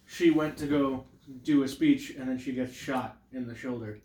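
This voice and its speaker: A man's voice: medium pitch, fairly even intonation, moderate pace, crowd noise. A man co-hosting a casual movie review chat, wry and steering the conversation. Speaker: podcast co-host. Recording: roomy, distant mic, faint hiss.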